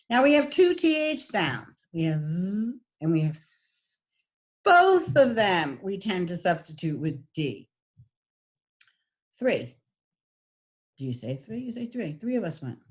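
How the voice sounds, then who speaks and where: A woman teaching an online diction class, speaking animatedly and exaggerating sounds to demonstrate them. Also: on the low side.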